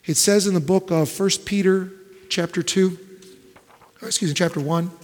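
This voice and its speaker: Fairly high-voiced preacher in a reverberant hall. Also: male voice, fairly even intonation, normal speed, long pauses. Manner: dramatic swings between loud emphatic build-ups and hushed near-whispers. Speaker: pastor. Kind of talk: sermon. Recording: long reverb of a large hall.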